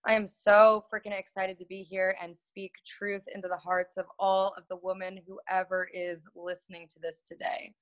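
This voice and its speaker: A woman speaking as a guest on a podcast, effusive and excited in casual chat. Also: medium pitch, normal speed, hardly any pauses.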